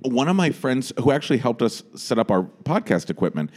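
A man hosting a podcast, telling a story in a rambling, animated way with frequent restarts, in a small podcast room. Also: medium pitch, brisk. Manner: rambling, animated, lots of restarts and self-interrupting. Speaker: podcast host. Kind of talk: casual storytelling chat.

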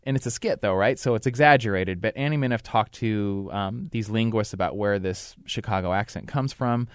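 A male podcast host talks in a relaxed, explanatory way and uses a few fillers along the way. His voice sits low and is recorded dry and close in the studio. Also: moderate pace, clean tone, dry recording. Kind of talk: casual podcast chat.

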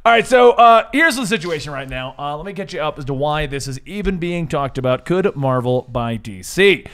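A man hosting a casual comics podcast, talking in a lively, joking, enthusiastic way. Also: on the high side, brisk. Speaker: podcast host.

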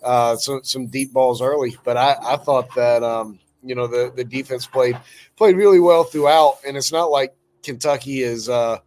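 A man giving casual football analysis on a podcast, halting and full of fillers as he works through his points. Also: mid-range voice, a little mellow, slight background noise. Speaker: podcast co-host.

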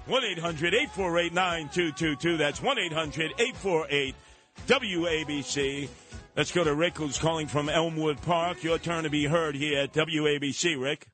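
A man hosts a talk radio show with a bright, forceful voice pitched slightly high. His delivery is sarcastic and animated, and he keeps breaking into mocking impressions. Faint music plays underneath. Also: normal speed.

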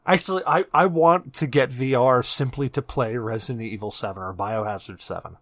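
A middle-aged man co-hosting a podcast, telling animated and profane stories in casual chat. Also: mid-range voice, fairly quick. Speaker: podcast co-host.

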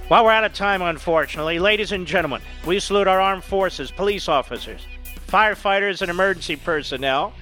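A man hosting a talk radio show with sarcastic, mocking commentary that swings between loud jabs and quiet asides. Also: sits high, lively intonation, brisk, vocal fry, faint music behind.

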